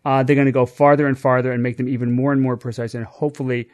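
Male co-host, mid-pitched, eager and slangy, talks himself through ideas. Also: level tone, fast, darkish tone. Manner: enthusiastic, restarts sentences, slangy. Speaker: podcast co-host. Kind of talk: casual science chat.

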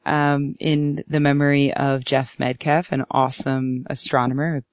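A woman co-hosting a podcast, chatting casually and plugging upcoming events with quick asides. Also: very deep voice, little pitch movement, no room sound, clean studio sound. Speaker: podcast co-host. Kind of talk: casual panel chat and announcements.

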